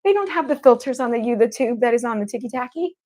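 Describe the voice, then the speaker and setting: An evidential medium hosts a livestream, chatting casually with viewers in an effusive, upbeat way and repeatedly expressing affection for them. Her voice is fairly high, expressive, and fast, with a dark tone.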